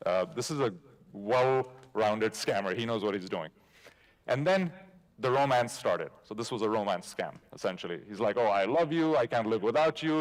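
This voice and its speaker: A man giving a conference talk, telling a story in a casual way and acting out bits of dialogue. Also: lowish voice. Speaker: conference speaker. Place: conference stage.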